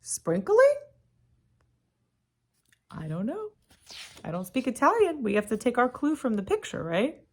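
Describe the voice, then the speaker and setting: A woman's voice: fairly high pitch, sing-song, a little mellow. A woman teacher reading a picture book aloud to young children, asking them encouraging questions. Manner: slow, encouraging questions to kids.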